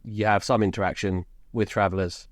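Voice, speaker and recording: A man talks through a film like a friend telling a story, easy and chatty. His voice sits a little low. The recording is dry and close, with no room sound. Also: fairly even intonation, brisk, no room sound. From England, around London. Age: 30s. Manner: chatty storyteller, recaps scenes with laughs. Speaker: podcast co-host. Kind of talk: casual film-discussion chat.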